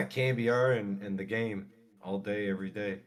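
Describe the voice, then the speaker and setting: Podcast co-host: a man with a fairly low voice, excitable and quick to laugh. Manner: laughs easily, excitable storyteller. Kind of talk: casual podcast chat.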